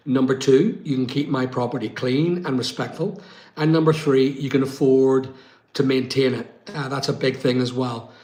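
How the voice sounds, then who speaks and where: A man's voice: mid-range voice, darkish tone, echoey room. Chatty man hosting a live stream. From West London. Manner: chatty, reads out comments, many ums. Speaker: livestream host answering viewer comments. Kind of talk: casual live chat.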